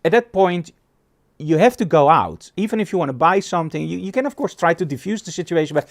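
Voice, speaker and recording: Man, middle-aged, photography instructor, lively storytelling, fairly high voice. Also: brisk. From Netherlands. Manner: animated storyteller, acts out dialogue. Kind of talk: presenting a photography class.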